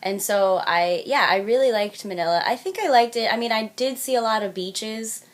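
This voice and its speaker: A woman's voice: on the high side, normal speed. Chatty young woman from New York. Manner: chatty, upbeat, many "like" fillers. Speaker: podcast co-host. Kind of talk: casual chat.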